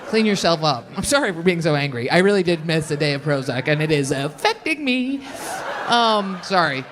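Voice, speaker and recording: A woman's voice: deep voice, big pitch swings, normal speed, background noise. A woman stand-up comedian doing crowd work on a club stage, brash and profane as she riffs with the audience. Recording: roomy club sound with loud audience.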